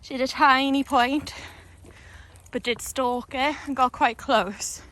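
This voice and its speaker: A woman's voice: steady tone, takes it slowly, a bit bright. A woman chatting casually to camera while walking her dogs outdoors, a little breathless on the hills. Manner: chatty, talks to her dogs in a high coaxing voice. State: out of breath on a hill. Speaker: dog breeder vlogger. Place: outdoors on a countryside walk.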